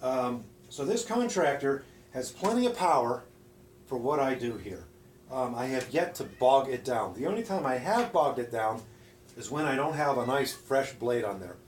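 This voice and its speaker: A man's voice: mid-range voice, sing-song, normal speed. Folksy middle-aged man in a roomy workshop. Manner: folksy, chatty, calls viewers "my friends". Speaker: woodworking channel host. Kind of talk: casual how-to demonstration. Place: home workshop. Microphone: phone camera. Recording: roomy workshop echo, faint noise.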